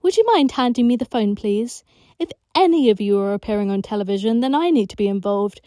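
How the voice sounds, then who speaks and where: A woman voicing a gruff but good-hearted male care worker who talks firmly and bluntly. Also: a little high, expressive, fairly quick, dark tone, no echo, clean studio sound, close to an everyday voice.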